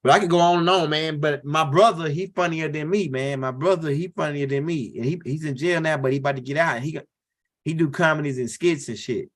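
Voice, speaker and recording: A high-pitched man from tells a loose, rambling stand-up story. He circles back, repeats lines and keeps asking "right?" as he talks. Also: a little fast. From Louisiana. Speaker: comedian.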